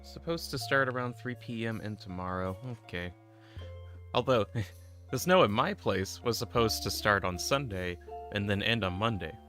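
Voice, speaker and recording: A man's voice: on the low side, lively intonation, normal speed, a bit bright, faint music behind. A man streamer chatting casually at home, laid-back and rambling with lots of fillers. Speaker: game streamer. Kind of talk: casual live-stream chat.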